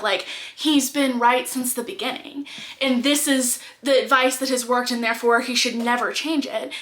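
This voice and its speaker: A woman's voice: high voice, a bit bright, reverberant. A woman giving candid, blunt reaction commentary on personal finance, swearing freely as she talks.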